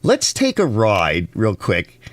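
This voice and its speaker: A middle-aged man hosting a casual garage live stream, chatty and animated, calling his viewers fellas. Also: slow. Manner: animated, swings from muttering low to shouting high.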